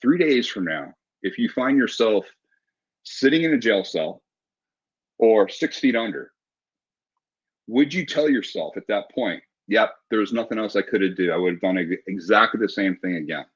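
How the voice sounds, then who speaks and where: A man in his forties, a martial arts instructor, telling stories in a relaxed interview with frequent restarts. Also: on the low side, moderate pace, husky. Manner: relaxed storyteller with many restarts. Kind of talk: casual interview talk. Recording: dull lo-fi audio.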